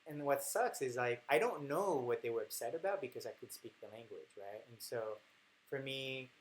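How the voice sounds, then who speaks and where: A man speaking candidly and haltingly in a personal reflective monologue, with many fillers and restarts. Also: medium pitch, animated, slight background noise, low-quality recording. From France. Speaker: host.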